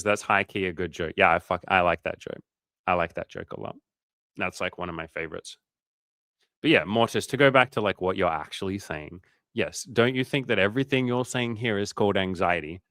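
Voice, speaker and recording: Young male dating coach, lower register, relaxed and profane, encouraging tone, dry close mic. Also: a little fast, no echo. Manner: casual, swearing, joking, reassuring. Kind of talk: casual livestream chat reading viewer comments.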